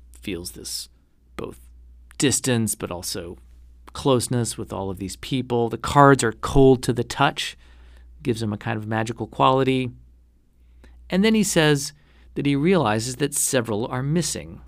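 A man's voice: on the low side, gravelly, no echo, studio quality. A man hosting a podcast, chatting casually about a novel and reading passages aloud. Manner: conversational, reads quotes aloud with asides. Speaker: podcast host. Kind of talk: casual book discussion podcast.

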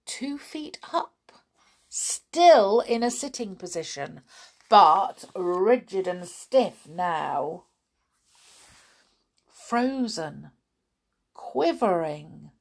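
A woman reading a children's story aloud with expressive, dramatic delivery. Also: fairly high pitch.

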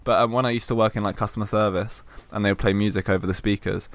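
Young guy hosting a podcast, teasing and laughing a lot, relaxed chat. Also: on the low side, dry recording. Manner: playful, teasing, quick to laugh. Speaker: podcast host. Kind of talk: casual chat.

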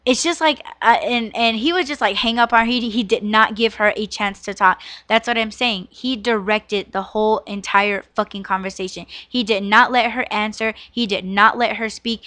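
A woman's voice: mid-range voice, normal speed, few pauses, bright, forceful tone, dry recording. A woman in her thirties hosting a podcast and telling a personal story in a rambling, emotional way, swearing often and filling her talk with "like" and "you know". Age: 30s. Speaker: podcast host. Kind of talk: casual storytelling monologue.

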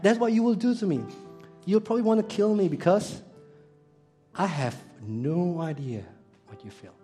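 Animated male pastor preaching over soft music. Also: mid-range voice. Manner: animated, swinging between loud exclamations and soft quiet asides; rhetorical questions and storytelling. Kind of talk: sermon.

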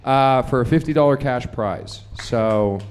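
A man's voice: medium pitch, a little slow, a little hiss or hum. A young man hosting a live comedy show, rambling and profane, full of fillers and restarts. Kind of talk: stand-up hosting banter.

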